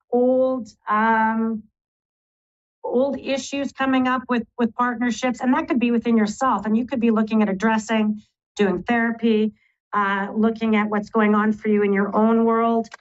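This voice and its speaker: A woman's voice: fairly high pitch, flat delivery, a little slow, muffled recording. A woman hosting a live radio horoscope forecast, chatty and affectionate, rattling off lists of keywords sign by sign. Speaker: psychic astrologer host.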